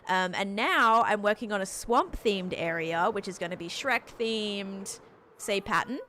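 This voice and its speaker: A woman's voice: mid-range voice, animated, moderate pace, pushed and bright, faint music behind. A young Australian woman chatting casually on a game stream, reading out chat and thanking supporters.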